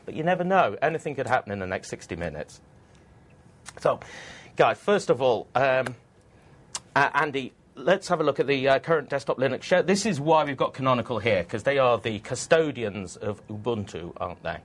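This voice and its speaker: A man's voice: mid-range voice, lively intonation, moderate pace. A man hosting a tech webcast in a studio, teasing his guests and rambling with restarts. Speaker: webcast host.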